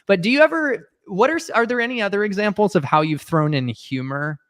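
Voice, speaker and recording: A man's voice: high voice, animated, brisk, a bit bright. A man hosting an interview podcast, talking enthusiastically about sales and asking his guest questions. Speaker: podcast host. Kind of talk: conversational interview.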